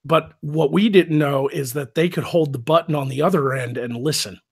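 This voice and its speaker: A man's voice: a little high, normal speed, vocal fry, slightly rough. A man hosting a live stream, telling stories in a casual, rambling way with lots of swearing. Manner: profane, rambling, laughs often. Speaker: stream host. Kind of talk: casual storytelling chat.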